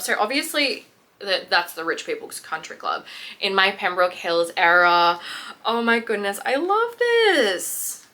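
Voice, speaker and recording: A young woman chatting excitedly to viewers as she unboxes a book parcel. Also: medium pitch, slight background noise. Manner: gushing, excitable, talks to viewers. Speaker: book vlogger. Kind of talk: casual unboxing chat.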